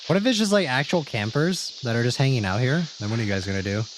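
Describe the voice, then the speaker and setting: A man's voice: medium pitch, lively intonation, fast talker, noisy background. A man streaming a horror video reaction, commenting casually, joking with chat and swearing freely.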